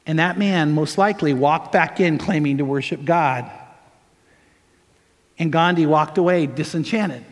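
High-voiced man preaching in a reverberant hall. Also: a little slow. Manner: emphatic, rising preaching with repeated phrases. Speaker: pastor. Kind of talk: sermon. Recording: long reverb of a large hall.

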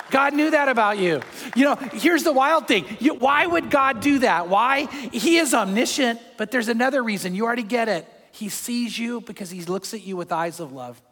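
Older pastor with a high voice, reverberant hall. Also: male voice. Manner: conversational and animated, chuckling as he preaches. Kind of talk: sermon.

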